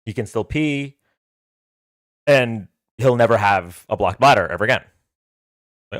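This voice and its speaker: Male livestream host; smooth, rambling storyteller with lots of fillers, dry close sound. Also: fairly low pitch, a little slow, long pauses, no room sound. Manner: rambling, filler-heavy, with frequent restarts. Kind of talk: casual storytelling.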